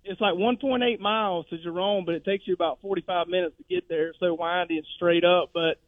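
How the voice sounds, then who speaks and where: A man's voice: high voice, fairly even intonation, fairly quick, no room sound. A man calling into a radio show, telling rambling stories and acting out the people in them. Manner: rambling storyteller who acts out quotes. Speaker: caller. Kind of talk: phone-in chat. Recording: tinny phone line.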